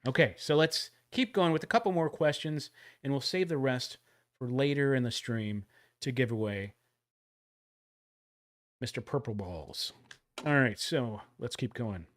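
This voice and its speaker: A man's voice: mid-range voice, normal speed. Joking man hosting a livestream trivia game. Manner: jokey, animated, loud countdowns. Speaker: livestream host running a trivia giveaway. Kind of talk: casual livestream chat.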